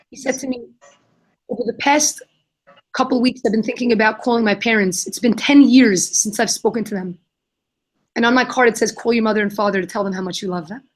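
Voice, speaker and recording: A young adult woman answering questions in a live Q&A, telling an animated story and acting out the voices of the people in it. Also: fairly high pitch, moderate pace, pauses often, husky. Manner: animated, acts out quoted voices. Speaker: guest, kindness nonprofit founder.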